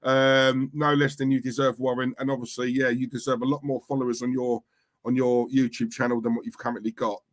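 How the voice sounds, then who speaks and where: A man hosting a casual live stream, chatting and shouting out viewers by name. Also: medium pitch, little pitch movement, brisk.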